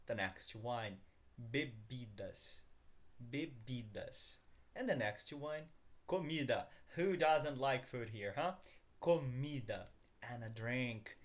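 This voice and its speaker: A man teaching a beginners' language lesson, upbeat, calling his viewers guys and asking them to repeat after him. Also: medium pitch.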